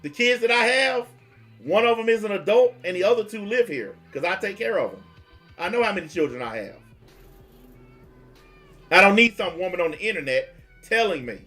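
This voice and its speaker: A high-pitched man in his forties hosts a livestream and rants at his audience in a blunt, profane, confrontational way. He mocks and scolds as he goes, and faint music plays underneath his voice. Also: expressive, brisk, a bit bright. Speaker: livestream host taking calls.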